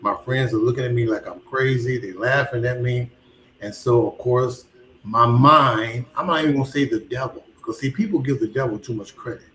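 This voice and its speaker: A man in a casual conversation, telling a personal story with lively energy and slipping into the voices of the people he quotes. His voice sits at an ordinary middle pitch. It carries a roomy echo, with a faint hum underneath. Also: fairly quick. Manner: animated, acts out both sides of conversations.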